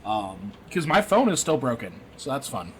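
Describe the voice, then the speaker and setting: A man co-hosting a podcast, talking in a rambling, halting way full of fillers and restarts. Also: mid-range voice, big pitch swings, fairly bright tone, a little hiss or hum. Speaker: podcast co-host. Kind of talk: casual chat. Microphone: computer mic. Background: keyboard typing.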